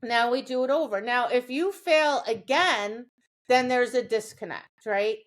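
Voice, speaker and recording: Woman dog trainer explaining, slightly high voice. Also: a little slow. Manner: explanatory, keeps checking in with "right?". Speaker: dog trainer and podcast co-host. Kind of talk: casual podcast chat.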